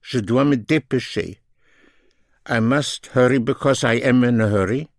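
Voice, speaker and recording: A man teaching a language lesson, slowly and deliberately repeating each phrase in both languages. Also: medium pitch, no room sound, studio quality.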